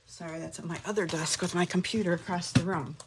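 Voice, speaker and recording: A woman's voice: fairly low pitch, steady tone, quick pace, a little hiss or hum. A middle-aged woman hosting a casual craft tutorial from her home craft room, chatting and thinking aloud as she works. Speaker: craft class host.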